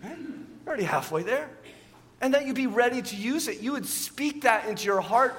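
A man's voice: extremely high pitch, animated, moderate pace, a bit bright, in a large hall. A man preaching a sermon as pastor, often asking his listeners rhetorical questions and repeating words as he goes.

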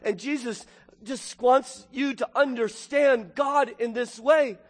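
A man preaching a sermon, swinging from booming exclamations to hushed, intimate asides. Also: slow pace, in a large hall. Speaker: pastor.

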